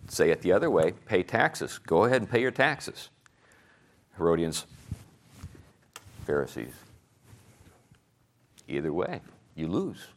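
A man teaching a Sunday school class, animated, asking his listeners rhetorical questions and chuckling at his own jokes. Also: low-pitched, slow, pauses often.

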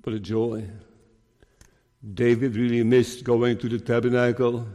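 Slow, earnest preaching man in a hall. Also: mid-range voice, flat delivery, warm tone. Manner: earnest preaching, slow deliberate delivery with emphatic rises. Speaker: minister. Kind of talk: sermon.

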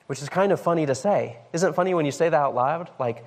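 Male pastor, slightly higher voice, chatty sermon with questions to the room. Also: fast, few pauses. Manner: conversational, asks the congregation questions.

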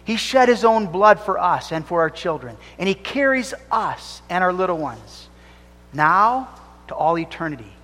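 Fervent high-voiced male preacher. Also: big pitch swings, moderate pace, pushed and bright. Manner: fervent, emphatic preaching with rising and falling emphasis. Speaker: pastor. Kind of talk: sermon. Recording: long reverb of a church hall.

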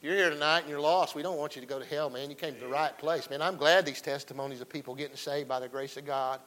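A man's voice: a little high, fairly even intonation, fast, fairly bright tone, low-quality recording. A man preaching a folksy sermon, calling out to the congregation. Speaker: pastor.

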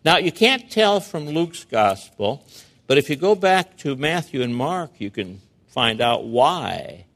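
A man's voice: mid-range voice, vocal fry, a bit bright. A man preaching a sermon, reading verses and explaining them with emphatic rhetorical questions. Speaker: pastor. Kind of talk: expository sermon.

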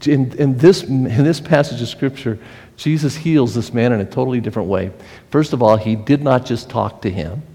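A man preaching a sermon in an earnest, conversational way, often restarting his sentences. His voice sits at a middling pitch, and it rings with a long reverb in a church hall. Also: moderate pace, warm tone. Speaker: pastor.

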